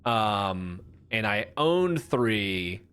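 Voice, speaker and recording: A man's voice: lowish voice, big pitch swings, extremely slow, a bit bright, clear, resonant tone. A young man streaming a horror game, chatting casually and rambling with viewers. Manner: rambling, chatty, self-mocking. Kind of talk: casual gameplay commentary.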